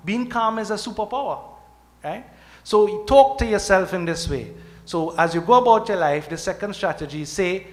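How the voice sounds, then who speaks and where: A man's voice: high-pitched, lively intonation, normal speed. A middle-aged man preaching to devotees at a temple, speaking conversationally and often checking in with "okay?" and "right?". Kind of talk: sermon.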